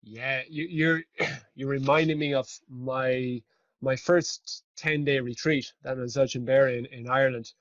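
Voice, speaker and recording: A man hosting a podcast, telling a story in an animated way and swearing freely. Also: medium pitch, unhurried, no echo, muffled recording. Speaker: podcast host. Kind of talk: casual conversational storytelling.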